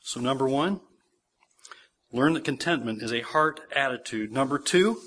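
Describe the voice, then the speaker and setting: A man's voice: mid-range voice, animated, normal speed, a bit bright. A man in his forties preaching a sermon, earnest, repeating phrases for emphasis and checking in with listeners. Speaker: pastor.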